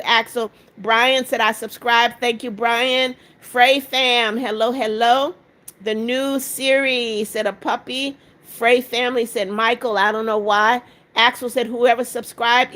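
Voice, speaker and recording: A woman's voice: a little high, a bit bright. A woman in her seventies hosting a live stream, tired after hours of talking, reading each viewer comment aloud and answering it briefly. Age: 70s. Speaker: livestream host.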